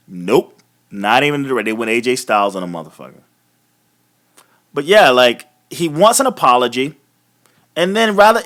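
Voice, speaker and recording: A man's voice: a little high, fairly bright tone. A man hosting a live wrestling recap, ranting casually and profanely, often laughing. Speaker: host of a wrestling recap show.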